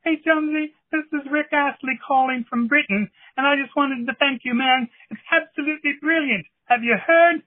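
A man on a phone call doing a gushing, high-voiced impression of a male pop star. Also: moderate pace, hardly any pauses, no room sound. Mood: chipper. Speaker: caller. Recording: tinny phone line.

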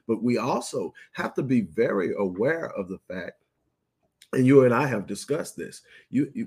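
Husky low-voiced man, measured and reflective. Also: a little mellow. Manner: measured and reflective, speaks in lists of principles. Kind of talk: casual conversation. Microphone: video call.

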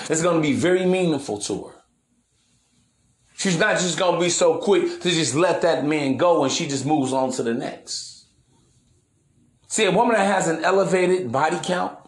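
A man's voice: fairly high pitch, roomy sound. A man hosting a podcast in a brash, preachy monologue, full of slang and swearing. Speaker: podcast host. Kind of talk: casual monologue.

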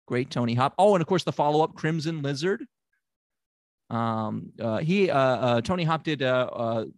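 In an improvised comedy sketch, a comic from Tennessee plays a hapless fake therapist, rambling hesitantly and packing his lines with filler words. His voice is mid-range, and the recording is dry.

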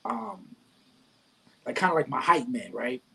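A man, a rapper guest, telling a story in casual chat, animated and laughing often, repeating himself. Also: mid-range voice, measured pace, creaky, husky, rough recording.

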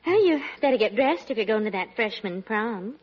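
A fretful, patient middle-aged mother with a high, very lively voice, soothing and scolding by turns. The old broadcast recording sounds dull and muffled. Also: moderate pace. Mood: worried. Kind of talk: 1940s radio sitcom acting.

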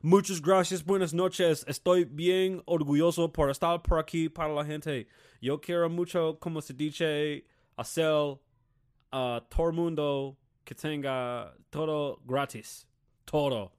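A man mimicking a male politician who speaks clumsy, halting Spanish, stalling with fillers as he pandres to a crowd. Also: fairly low pitch, darkish tone, no room sound, clean studio sound, pitched below the performer's own voice, close to an everyday voice. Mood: pandering. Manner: halting, stilted speech full of fillers.

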